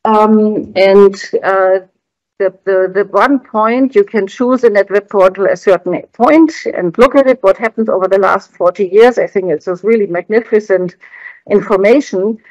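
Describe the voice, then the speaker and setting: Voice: medium pitch, moderate pace, a little mellow, no echo, lo-fi sound. A researcher giving a conference presentation, explaining graphs on slides in a hesitant, word-searching way.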